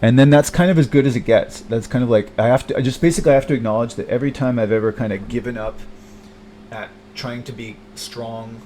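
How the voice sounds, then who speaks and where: A man's voice: medium pitch, dark tone, a little hiss or hum. Rambling, bitter man, self-deprecating. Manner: rambling, halting, self-deprecating, many restarts and fillers; bitter, frequent swearing. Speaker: vlogger. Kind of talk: confessional monologue.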